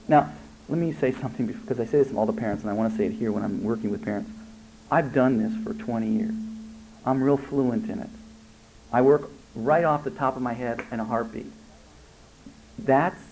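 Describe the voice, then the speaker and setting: A man, a family therapist giving an animated workshop talk to parents and answering their questions. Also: mid-range voice, rough recording. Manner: animated, acts out parent and child dialogue.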